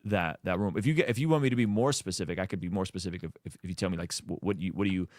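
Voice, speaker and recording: A man's voice: low-pitched, very fast, darkish tone, dry recording, studio quality. A man speaking as a guest in a casual chat, earnest and reflective, choosing his words with care.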